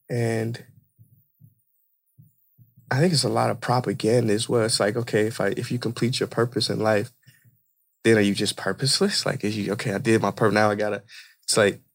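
A man who is an inspirational speaker, a guest on a podcast, telling a story in animated conversation and repeating phrases for emphasis. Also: medium pitch, vocal fry.

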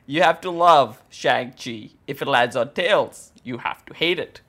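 A man co-hosting a comedy podcast, telling deadpan jokes and teasing his partner. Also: mid-range voice, unhurried, hardly any pauses. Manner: deadpan joke-teller, teasing. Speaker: podcast co-host. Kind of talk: casual comedic chat.

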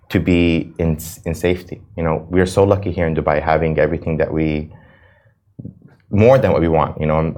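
A young man from the United States speaks in a very low voice. He answers interview questions earnestly and with emotion, often stumbling over and repeating words. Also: darkish tone. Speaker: reality show cast member, guest.

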